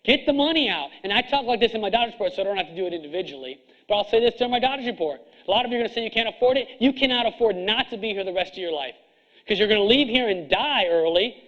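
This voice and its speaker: A middle-aged man with a high voice lectures a seminar crowd in a blunt, hard-driving way, stacking up rhetorical questions. The recording is dull and lo-fi. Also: expressive, racing, fairly bright tone. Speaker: chiropractor coaching other chiropractors. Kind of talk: seminar speech to an audience.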